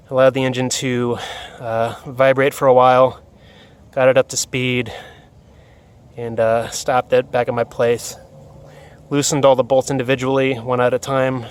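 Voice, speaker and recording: A man's voice: mid-range voice, a little hiss or hum. Breathless man explaining a motorcycle install. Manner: relaxed, many fillers. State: out of breath from the heat. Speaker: motorcycle vlogger. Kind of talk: casual how-to walkthrough. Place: outdoors beside a motorcycle in hot weather. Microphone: phone camera.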